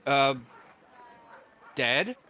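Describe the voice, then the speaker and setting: A man's voice: medium pitch, expressive, drawn-out words, sharp tone, faint music behind. A man running a tabletop game as dungeon master, rambling and joking with lots of restarts. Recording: dull lo-fi audio.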